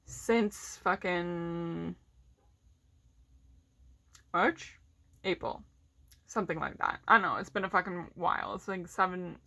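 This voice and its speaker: A woman's voice: medium pitch, creaky, fairly bright tone. A woman vlogger ranting casually and bluntly, swearing heavily and sounding frustrated.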